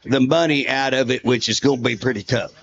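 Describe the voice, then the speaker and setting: A gravelly-voiced man with a drawl spins folksy stories and chuckles as he talks. The recording sounds muffled, with faint background noise. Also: mid-range voice, steady tone, fairly quick, a bit bright. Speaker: state representative. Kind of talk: casual interview.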